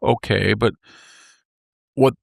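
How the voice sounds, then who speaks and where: A man's voice: lowish voice, steady tone, takes it slowly, gravelly, no echo, clean studio sound. A man speaking as an interview guest, giving rambling, emphatic political commentary that circles back and repeats its points.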